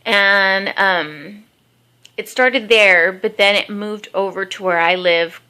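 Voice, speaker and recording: A woman's voice: medium pitch, slow, pushed and bright, clean tone. A woman telling a rambling story in a casual vlog at home, just woken up, with many fillers. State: just woke up. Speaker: vlogger. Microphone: handheld camera.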